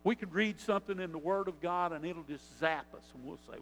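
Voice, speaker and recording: A man preaching a sermon, earnest, swelling and softening his voice for emphasis as he reads scripture. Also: on the high side, fairly quick, hardly any pauses. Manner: earnest, rises and drops in loudness for emphasis. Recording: long reverb with faint hum.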